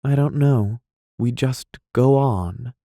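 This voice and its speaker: A man reading aloud, voicing a composed, scornful young wife in a quiet, measured way. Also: mid-range voice, dry recording, clean studio sound, voice pushed up. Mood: cool.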